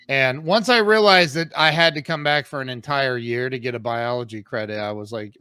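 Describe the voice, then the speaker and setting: A man's voice: fairly high pitch, normal speed, pushed and bright, clear, resonant tone, dry recording, clean studio sound. Candid man telling his story. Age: 50s. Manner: candid, emphatic, acts out quoted exchanges. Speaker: podcast guest. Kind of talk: casual storytelling in an interview.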